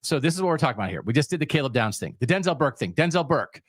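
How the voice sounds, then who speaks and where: A man's voice: on the high side, sing-song, rapid-fire, no echo. A man co-hosting a sports podcast, making emphatic points in long, piled-up lists. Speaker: podcast co-host.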